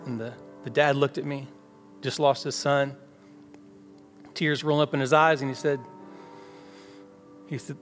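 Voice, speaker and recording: His mid-range voice holds a steady tone at a moderate pace, with frequent pauses, as this pastor preaches a conversational sermon and acts out everyday dialogue in quoted voices. Recorded in a church sanctuary, it has long hall reverb and faint music behind it.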